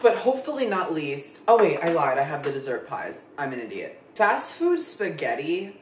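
A young man reviewing fast food in a casual vlog, his voice swinging up and down in lively, dramatic reactions. He swears freely and plays everything up. The room adds a noticeable echo and faint background noise. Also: on the high side. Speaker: food vlogger. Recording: echoey room.

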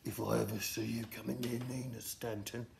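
A man plays a big, gruff teenage bully who mutters his threats low and menacing. The voice sits in a roomy, echoing space. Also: little pitch movement, fairly quick, background noise. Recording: roomy echo.

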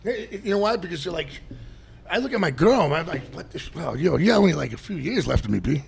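Gravelly, animated New man. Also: a little high, quick pace. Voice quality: gravelly, animated, swears a lot and shouts during stories. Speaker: podcast guest. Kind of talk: casual storytelling.

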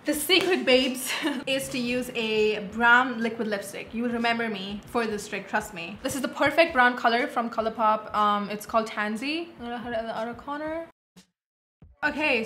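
A woman's voice: a little high, a bit bright, slight background noise. A woman in her twenties hosting a casual makeup tutorial vlog, blunt and sassy, swearing freely. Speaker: beauty vlogger. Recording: echoey room.

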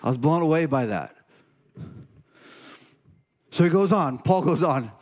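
A man's voice: fairly high pitch, lively intonation, measured pace, pauses often, darkish tone, long reverb tail. Emotional, earnest male pastor preaching. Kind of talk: sermon.

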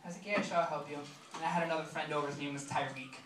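A young man in his twenties doing a stand-up set, talking fast and loose, with lots of fillers and asides to the crowd. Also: fairly high pitch, steady tone. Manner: chatty, filler-heavy delivery with quick asides to the crowd. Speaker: stand-up comedian. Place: comedy club stage. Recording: roomy club sound, mic far, noisy.

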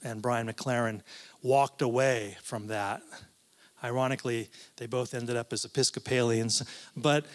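A man, a professor, giving a conversational talk at a church, with asides and frequent restarts. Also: medium pitch. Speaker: guest speaker, professor.

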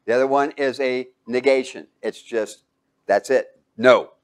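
Male Bible teacher, mid-pitched, excitable, quizzes his class with fill-in-the-blank questions. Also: unhurried, clean tone. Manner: excitable, with sudden exclamations.

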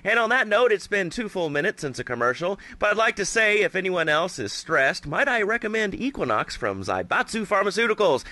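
Sarcastic male call-in host for game radio comedy, bright tone, lively pitch, dry sound. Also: brisk, hardly any pauses. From upstate. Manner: sarcastic, deadpan, wry. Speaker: radio talk show host. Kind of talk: comedic scripted talk radio.

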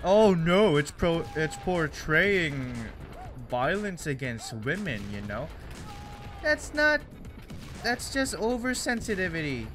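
A young Canadian gaming YouTuber rambles and jokes through casual gameplay commentary, often at his own expense. His voice is fairly high and a bit bright, very animated yet slow-paced, with faint music behind him.

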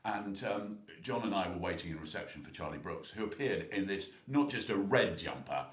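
A low-voiced man co-hosts a casual podcast, spinning long rambling stories and chuckling along the way. His voice bounces around a roomy space. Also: animated, moderate pace. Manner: rambling anecdotal storyteller, chuckling. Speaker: podcast co-host. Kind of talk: casual chat. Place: at a racecourse. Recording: roomy echo.

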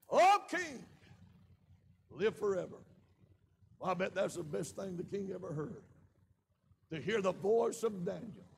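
A man with a Southern American accent preaching a sermon in a church, with shouted peaks and frequent amens. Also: high-pitched, creaky, a little hiss or hum. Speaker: pastor. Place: church sanctuary.

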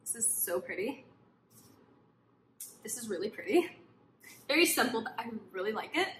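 A woman book vlogger chatting casually to viewers while unboxing, gushing and excited as she talks. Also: a little high, normal speed. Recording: echoey room with faint background noise.

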